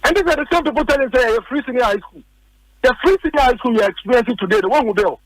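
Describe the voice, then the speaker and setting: A man's voice: very high-pitched, animated, rapid-fire, no room sound, poor audio. A man with a Ghanaian English accent arguing politics on the radio, emphatic and repetitive, firing off rhetorical questions. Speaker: political commentator. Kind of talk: heated political argument on radio.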